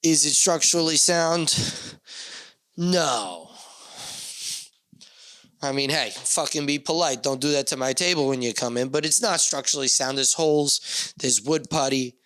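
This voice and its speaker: A man's voice: a little high, measured pace, long pauses, fairly bright tone, no room sound. A man with a New Jersey accent hosting a casual solo podcast from a small, dusty backyard shed, rambling with profane jokes and asides. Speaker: podcast host.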